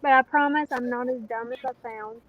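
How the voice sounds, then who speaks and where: Southern woman, slightly high voice. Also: steady tone, brisk, lo-fi sound. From American South. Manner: folksy, laughs often. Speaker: guest caller. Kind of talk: casual chat.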